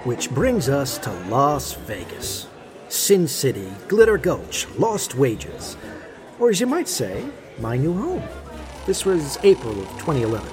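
A man's voice: medium pitch, huge pitch swings, unhurried, music in the background. A young man narrating his own story in an audio drama, wry and conversational. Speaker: narrator and lead character.

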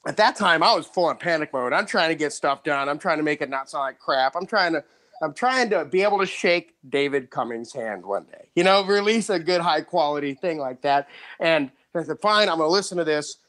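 A man hosting a podcast, telling a story in casual chat, excited, with frequent restarts and laughs. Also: a little high, a little fast. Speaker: podcast host.

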